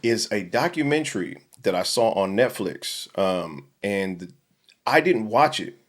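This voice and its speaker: A man hosting a podcast, telling a story in casual chat, animated, slangy and profane. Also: lowish voice, a little slow. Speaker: podcast host.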